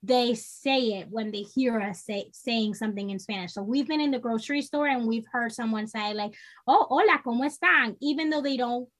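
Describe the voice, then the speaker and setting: Earnest, animated woman guest. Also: fairly high pitch, normal speed, few pauses. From New York state. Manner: earnest, animated, acts out quoted voices. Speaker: podcast guest, social worker. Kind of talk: casual interview talk.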